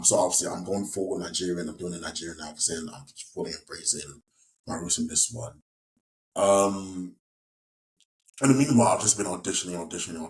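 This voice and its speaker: Young english man, very low voice, rambling with restarts, echoey room. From West Yorkshire, England. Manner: rambling, many restarts and fillers. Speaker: actor guest. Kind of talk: casual interview chat.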